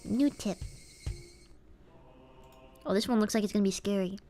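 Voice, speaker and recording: A woman streamer chatting casually and excitably with her audience between reading. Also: medium pitch, normal speed, faint music behind. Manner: bubbly, animated, excitable. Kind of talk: casual game stream chat.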